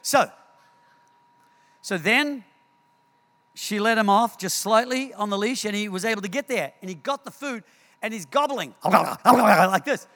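A man preaches and tells stories, acting out scenes and repeating words as he goes. His voice sits high and sounds bright and crisp. The long reverb of a church hall trails after each phrase. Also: normal speed, pauses often. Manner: animated storytelling, repeats words, acts out scenes. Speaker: pastor. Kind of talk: sermon.

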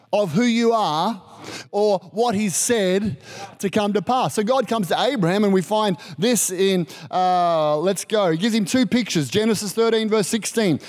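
A man preaching a sermon, lively and conversational, acting out the voices in the stories he tells. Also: high-pitched. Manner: animated, acts out quoted voices. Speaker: pastor.

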